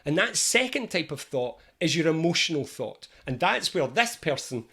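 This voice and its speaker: A middle-aged man coaching viewers on anxiety, talking straight to the camera. His voice sits a little high, and he keeps it animated and chatty, slipping in jokes as he goes. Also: normal speed, slight background noise. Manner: animated, jokey and conversational. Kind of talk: educational talk to camera.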